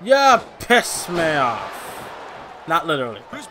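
Young man, high bright voice, very animated, rowdy swearing game commentary. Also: measured pace, a little hiss or hum. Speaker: gaming YouTuber. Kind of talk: casual let's-play commentary.

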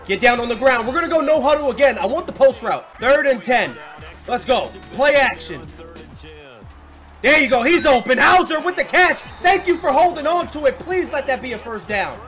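High, lively young man yelling at a game. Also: normal speed, faint music behind. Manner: excitable, swearing, yelling at the game. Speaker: gaming commentator. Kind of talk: let's play commentary.

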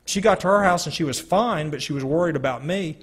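A man telling his personal testimony to a live audience, slowly and earnestly, with dramatic pauses. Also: fairly high pitch, a bit bright, husky. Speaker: speaker giving a personal testimony.

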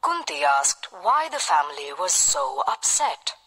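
A woman narrating a children's storybook tale in a lively storytelling manner. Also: lowish voice, measured pace. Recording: long hall reverb.

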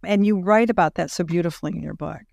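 A woman hosting a podcast interview, speaking in a reflective, measured way as she thinks aloud. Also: lowish voice, vocal fry, a little mellow, dry recording, clean studio sound. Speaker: podcast host.

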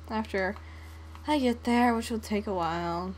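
A woman's voice: a little high, a little fast, a little mellow, a little hiss or hum. A young woman giving casual, playful gameplay commentary, often singing and humming to herself. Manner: playful, sings and hums to herself. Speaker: gaming channel host.

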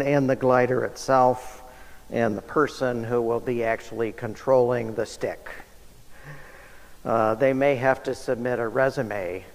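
A man preaching a sermon in a church, conversational and self-deprecating with light humor. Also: medium pitch. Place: church sanctuary. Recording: long church reverb.

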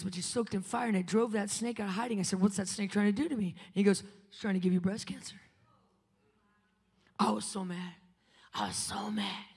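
A woman preaching a live conference sermon, telling a testimony with dramatic swings between loud and hushed delivery. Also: medium pitch, slightly rough. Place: conference venue. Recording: preaching in a large reverberant hall.

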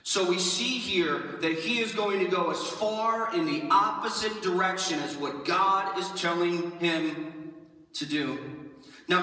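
A high, bright male voice preaching in a relaxed, lively way, slipping into playful quoted voices as he goes. He sounds distant from the mic, and the church hall gives every phrase a long, ringing reverb. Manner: casual, animated preaching, acting out quoted lines. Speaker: pastor. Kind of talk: sermon. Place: church sanctuary. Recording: echoey church hall from far off.

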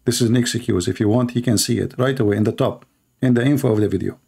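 A man's voice: mid-range voice, fast talker, vocal fry, warm tone, slightly rough. A man hosting a live stream, mocking and sarcastic, in broken English. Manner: sarcastic, mocking, non-native English grammar. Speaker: debate stream host.

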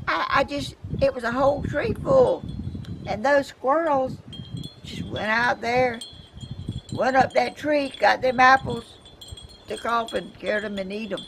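An older Southern woman talks slowly through a rambling, folksy outdoor chat, her voice gravelly with fry. Faint wind chimes and yard ambience sit softly behind her. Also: on the high side. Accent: Southern American. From Georgia, USA. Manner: rambling, folksy, chuckling asides. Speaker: vlogger.

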